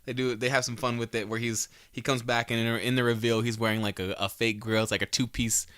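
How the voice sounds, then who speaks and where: Man, podcast host, bright clear voice, dry close sound, rambling and swearing. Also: mid-range voice, flat delivery, fast talker, no echo. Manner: rambling, profane, with many restarts and quoted asides. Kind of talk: casual wrestling recap podcast.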